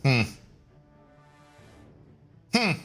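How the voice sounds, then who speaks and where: Bright, tense-voiced male gaming streamer. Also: drawn-out words, faint music behind. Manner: jokey banter, answering chat. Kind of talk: casual live-stream chat.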